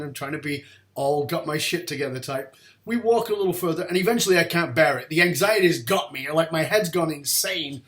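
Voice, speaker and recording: A middle-aged man hosting an interview show, telling a story with lively acted-out dialogue. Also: a little high. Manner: animated storyteller, acts out dialogue loudly. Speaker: podcast host.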